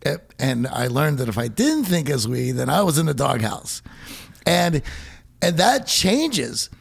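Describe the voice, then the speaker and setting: Podcast co-host: American man from Pittsburgh, husky and gravelly, restarts a lot mid-sentence. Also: medium pitch, big pitch swings, normal speed. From Pittsburgh, USA. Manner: restarts, stammers, rising emphasis. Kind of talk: casual podcast conversation.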